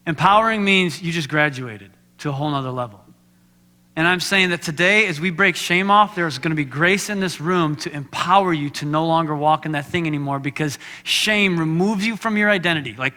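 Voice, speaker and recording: A man's voice: fairly high pitch, bright, forceful tone. A man preaching a sermon with personal testimony, speaking candidly and conversationally and asking the congregation questions. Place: church sanctuary. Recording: long hall reverb.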